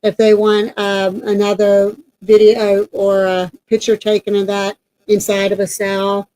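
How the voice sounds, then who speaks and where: A woman's voice: mid-range voice, completely flat delivery, a little slow, mellow, low-quality recording. A woman co-hosting a paranormal team's channel, chatting casually and rambling with many fillers as she shares team news and event plans. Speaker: paranormal team member and co-host. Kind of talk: casual announcement chat.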